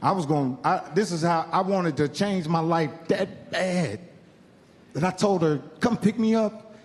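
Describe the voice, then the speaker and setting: Profane high-voiced man doing stand-up. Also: unhurried. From Indiana. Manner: profane, animated storytelling with acted-out quotes. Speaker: stand-up comedian. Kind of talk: stand-up storytelling. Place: comedy club stage. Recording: live club sound with hall reverb.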